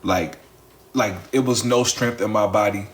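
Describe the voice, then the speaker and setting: Man with a lowish voice, casual storyteller, talks straight to the audience and repeats himself. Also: measured pace. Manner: repeats phrases, addresses the audience directly, swears freely. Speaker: storyteller addressing followers.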